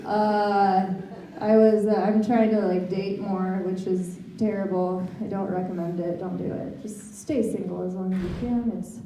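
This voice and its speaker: A guest stand-up comic performs to a live audience in a library event room, using awkward, self-deprecating humor and nervous laughs. Her voice is medium-pitched, steady, warm and measured. The room is echoey, miked from far off, with faint noise.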